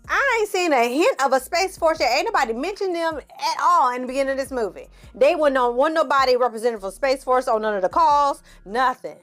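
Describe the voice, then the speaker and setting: Animated, sarcastic woman reviewing a movie. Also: high voice. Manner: sarcastic, profane, animated storytelling. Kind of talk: casual movie review rant.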